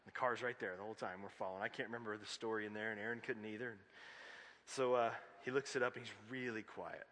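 A male pastor preaching a sermon in a church, reading scripture and telling a story in a conversational, animated way with joking asides. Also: on the low side, fast talker. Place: church sanctuary. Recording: long reverb of a large church hall.

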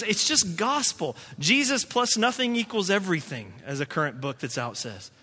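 A man's voice: high voice, very animated, normal speed, few pauses, pushed and bright, breathy edge, big-room sound. A male pastor preaching a sermon in a conversational way, acting out quotes and voices as he goes.

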